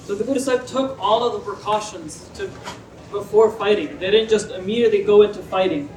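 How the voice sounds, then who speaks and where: A man's voice: high voice, a little hiss or hum. A young man giving a casual religious talk to students, telling stories with acted dialogue. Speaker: speaker. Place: university lecture room. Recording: echoey room, mic at a distance.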